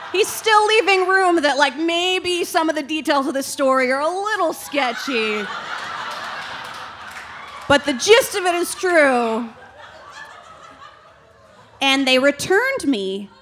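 A woman's voice: high-pitched, lively intonation, slow pace, long pauses, fairly bright tone, a little hiss or hum. A young adult woman doing stand-up comedy, telling a candid, rambling and self-deprecating story.

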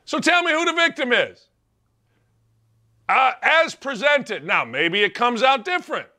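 A man's voice: extremely high pitch, very animated, a little slow, pushed and bright. A middle-aged man hosting a sports talk show, ranting in an opinionated monologue full of rhetorical questions. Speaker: sports radio host.

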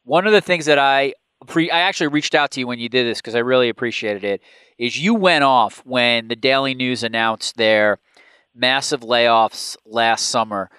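A man's voice: medium pitch, normal speed, pushed and bright, smooth, no room sound. A man interviewing a guest, asking long, carefully built questions.

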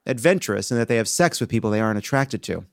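A man's voice: lowish voice, animated, rapid-fire, vocal fry. A man hosting a comedy show, delivering a scripted monologue in a sarcastic, punchy way.

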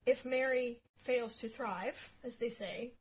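Bright high-voiced woman, husky edge, chatty podcast cohost cracking jokes. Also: fairly even intonation, slow, poor audio. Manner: playful storyteller with sudden loud jokes and asides. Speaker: podcast co-host. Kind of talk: casual history podcast chat.

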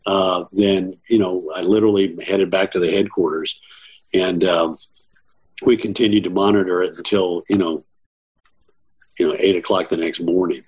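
A man, a campaign strategist, recalling events in an interview in a rambling, halting way. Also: deep voice, fairly even intonation, a little mellow, slightly rough, low-quality recording. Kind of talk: recounting memories in an interview.

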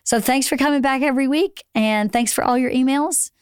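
A middle-aged woman with a Southern US accent hosting a podcast, hoarse from losing her voice, chatting and laughing often. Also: high-pitched, brisk, dry recording, studio quality. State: hoarse, recovering lost voice. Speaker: podcast host. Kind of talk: casual chat.

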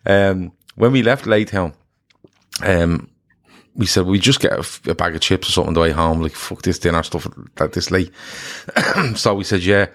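An Irish man in his thirties co-hosts a casual football chat, telling everyday stories with frequent laughs and plenty of swearing. His voice sits a little low, and the pitch swings between relaxed and animated. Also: moderate pace. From Ireland. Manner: chatty storyteller, swears freely, laughs often. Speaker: podcast co-host.

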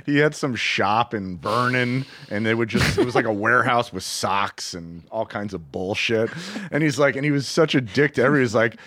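A man from Southern California, a podcast guest telling stories in casual chat, animated and swearing freely. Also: medium pitch, a little fast, no room sound, studio quality.

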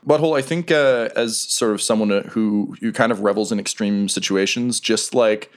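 A man narrating a tabletop game as game master, casual and halting, often breaking into laughter. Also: on the low side.

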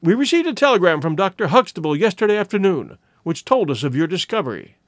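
A wary, deferential male secretary, as a man reads his part. He sounds polite and careful, pitched higher than the narrator with a lively lilt. The recording is close and dry. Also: fast talker, dry recording. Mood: polite, evasive.

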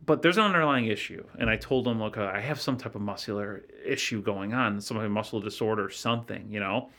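A man guest on a podcast telling a personal story in a halting, earnest way, with many restarts. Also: on the low side, a bit bright. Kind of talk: casual storytelling.

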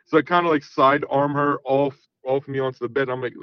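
This thirty-something caller speaks with a steady, medium-pitched voice that is smooth and a little fast, with hardly any pauses. He tells a long, casual story on a call-in show, rambling and repeating "you know what I mean." The recording has no room sound and its highs are cut off.

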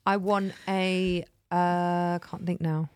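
A woman's voice: fairly low pitch, flat delivery, slow pace, a little mellow, clean tone, no room sound, clean studio sound. A woman co-hosting a podcast in casual chat, teasing and asking playful questions. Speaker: podcast co-host.

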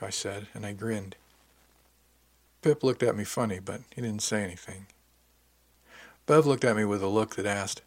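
A man reading a novel aloud in the first person, his voice sitting on the low side. The telling is dry and wry, steady and unhurried. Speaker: audiobook narrator.

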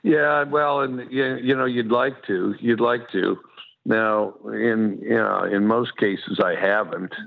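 Gravelly man with a Wyoming drawl on the phone. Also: on the low side, steady tone. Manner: halting, many fillers and restarts. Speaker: college football coach, guest. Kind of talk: phone interview. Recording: tinny phone line.

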